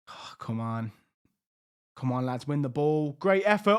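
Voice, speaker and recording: A man commentating his own video game, swinging from hushed tension to loud excited outbursts. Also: on the high side, measured pace, pauses often, clear, resonant tone. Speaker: gaming YouTuber.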